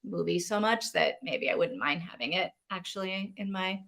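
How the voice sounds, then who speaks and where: A woman hosting a book club livestream in casual chat, animated and rambling with lots of fillers. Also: on the low side, moderate pace, gravelly.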